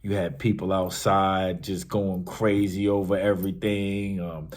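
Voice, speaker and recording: A man hosting a podcast, giving casual, hyped-up commentary on battle rap that swings from shouts to murmurs. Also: deep voice, level tone, measured pace. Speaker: podcast host.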